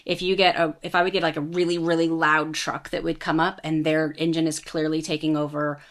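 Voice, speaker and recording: A woman co-hosting a casual podcast chat, telling stories in a calm, even way. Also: sits low, a little fast. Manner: calm, even storytelling with acted-out quotes. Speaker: podcast co-host.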